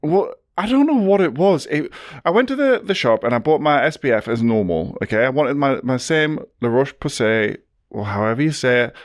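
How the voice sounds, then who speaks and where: A man, co-hosting a podcast and telling a story in an animated, casual way. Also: medium pitch, brisk, dry recording, studio quality. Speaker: podcast co-host. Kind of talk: casual chat.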